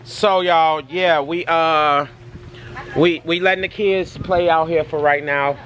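A man's voice: a little high, fairly even intonation, slow, fairly bright tone. A man, a father hosting a casual family vlog from his backyard, chatting loosely to viewers and cheering his kids on. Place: windy backyard outdoors. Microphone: handheld phone. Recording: windy outdoor phone recording.

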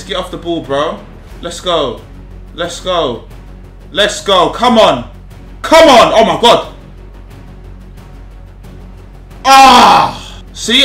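Young man yelling over a football game. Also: fairly high pitch. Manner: animated, pleading and exasperated, slangy. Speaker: gaming YouTuber. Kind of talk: live game commentary. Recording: echoey room with music behind.

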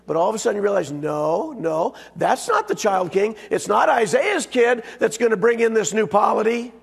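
A hoarse man preaches with a raspy, gravelly edge to his fairly high voice. His delivery is folksy and emphatic, and he hits his key words hard. The sound rings with the long reverb of a church sanctuary. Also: animated, moderate pace. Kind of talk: sermon.

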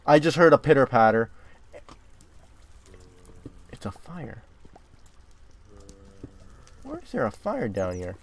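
A man's voice: medium pitch, animated, unhurried, creaky, pauses often, no echo. Jumpy young man narrating a game. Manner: jumpy, swears and yells when startled. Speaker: gaming channel host. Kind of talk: casual game commentary. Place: dark closet.

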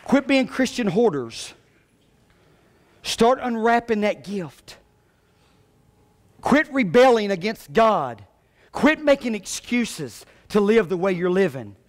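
A male pastor preaching a sermon, swinging between quiet talk and loud shouted climaxes. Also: sits high, sing-song, takes it slowly, pauses often.

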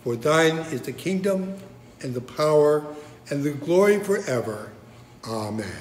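A man leading prayer and preaching as pastor, measured and solemn, recorded in a church sanctuary. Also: fairly high pitch, lively intonation, a little hiss or hum. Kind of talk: prayer and sermon. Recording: reverberant hall.

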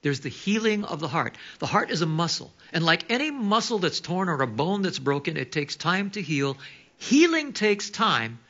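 A man preaching a sermon, telling stories with animation and dropping to hushed asides. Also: a little high, normal speed, few pauses, muffled recording. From Hawaii. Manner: animated storytelling, drops to hushed quoted asides. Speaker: pastor.

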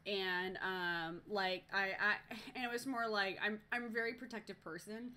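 Bright-voiced young woman telling a livestream story. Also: medium pitch, normal speed. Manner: animated, profane, lots of fillers and restarts. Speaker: live streamer. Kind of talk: casual live-stream storytelling.

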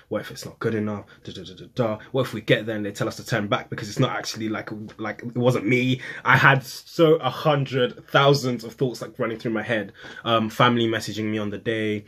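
A young man tells a story to camera in a husky, slightly breathy voice. He speaks casually and animatedly, jumping to sudden high, excited bursts when he quotes himself and others. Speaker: poet and vlogger.

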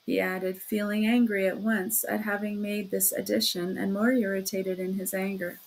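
A woman's voice: mid-range voice, flat delivery, moderate pace, vocal fry, few pauses. A woman reading a classic novel aloud as an audiobook narrator, steadily, with the odd self-correction.

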